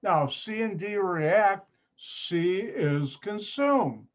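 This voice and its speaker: High-pitched and animated, the man takes it slowly while patiently teaching an online chemistry class, circling back to points and dropping playful asides. His computer mic on the video call produces muffled, lo-fi audio.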